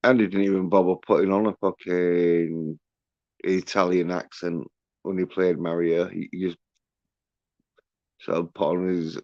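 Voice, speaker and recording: A man's voice: low-pitched, flat delivery, unhurried, pauses often, a little mellow, no echo, dull audio. A man hosting a livestream, ranting in a rambling, profane way with many fillers and restarts. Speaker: livestream host.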